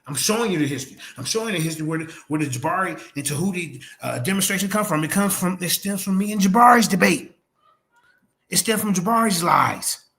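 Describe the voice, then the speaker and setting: A man speaks, his voice sitting a touch high and ringing bright. He rants on a livestream, combative and profane, firing trash talk at his rivals. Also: expressive, fast, gravelly. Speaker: streamer host. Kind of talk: heated livestream rant.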